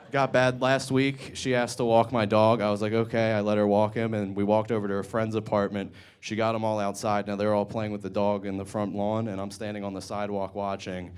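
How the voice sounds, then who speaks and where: A young man performing a stand-up set in a comedy club, rambling through self-deprecating stories with crude asides. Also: fairly low pitch.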